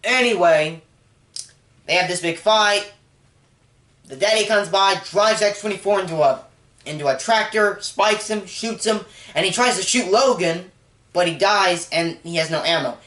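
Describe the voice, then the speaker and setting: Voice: medium pitch, measured pace, fairly bright tone, reverberant. A movie reviewer recapping a film in a rambling, casual way, full of "like" and openly emotional about the story.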